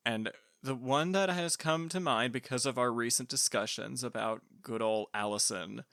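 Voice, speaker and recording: A man's voice: medium pitch, normal speed, a bit bright, no room sound, clean studio sound. A young adult man hosting a podcast, chatting casually and laughing readily with theatrical flair. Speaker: podcast host.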